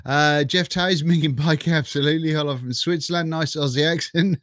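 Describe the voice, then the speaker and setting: A middle-aged man hosts a live stream from home, greeting viewers one by one in a chatty, self-mocking way. His voice sits a little high. The webcam sound is dry and close. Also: fairly even intonation, normal speed, fairly bright tone, no room sound. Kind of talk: casual live stream chat.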